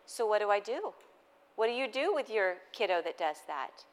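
With a sing-song, mid-range voice at a moderate pace, a woman in her thirties chats to a live audience about parenting. She keeps it conversational and acts out exchanges with her children.

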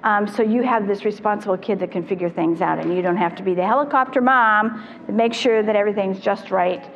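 A middle-aged woman, a child therapist, telling stories to parents in an animated way and acting out the voices she quotes. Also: medium pitch, a little fast. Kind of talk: storytelling talk to parents. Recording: reverberant hall, dull lo-fi sound, faint noise.

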